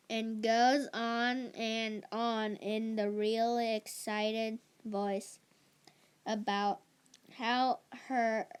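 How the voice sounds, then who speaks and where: A woman reading a first-person novel aloud in a slow, halting delivery with small slips. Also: a little high, smooth. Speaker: reader.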